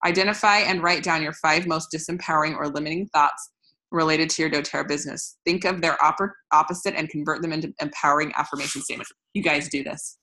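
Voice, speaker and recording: A woman with a low voice and a bright, forceful tone talks casually to her sales team as their coach. She is chatty, restarts her sentences often and laughs at her own slips, recorded on a phone. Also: fairly even intonation, quick pace, low-quality recording. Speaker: network marketing team leader. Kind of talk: casual motivational training talk.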